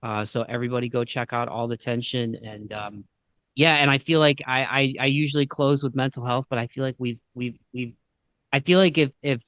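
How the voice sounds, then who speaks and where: Male podcast host, Midwestern accent, casual and slangy, mid pitch, dry close sound. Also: fairly even intonation, fairly quick, fairly bright tone, no echo. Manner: laid-back, slangy, says "dude" and "man" often. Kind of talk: casual interview chat.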